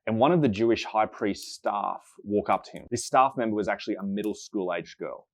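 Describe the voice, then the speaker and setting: A man preaching a sermon as dramatic storytelling, slowing and going soft on the heavy moments. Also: fairly low pitch. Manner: slows down and drops soft for emphasis.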